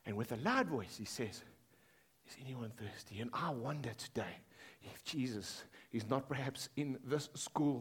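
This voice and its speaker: Male pastor preaching in a school hall, high voice, loud then quiet, lots of punch. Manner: animated preaching, swings from loud to hushed. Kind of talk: sermon.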